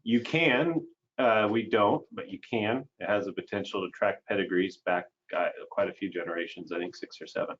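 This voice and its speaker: A man on a sheep ranch panel talking in a relaxed, rambling way with plenty of fillers, heard over a video call. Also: on the low side, moderate pace, a little hiss or hum. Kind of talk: casual panel talk. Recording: muffled video call audio.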